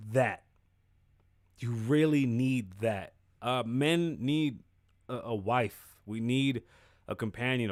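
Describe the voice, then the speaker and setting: A man's voice: medium pitch, no echo, clean studio sound. A man hosting his own show, talking candidly about feelings and relationships in casual, profane street slang. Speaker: podcast host. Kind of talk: casual solo commentary.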